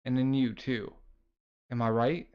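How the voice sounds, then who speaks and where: A man's voice: medium pitch, little pitch movement, unhurried, clear, resonant tone, dull audio, natural voice. A man reading the lines of a brash, mocking young scientist from a comic, close to his own voice. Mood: smug.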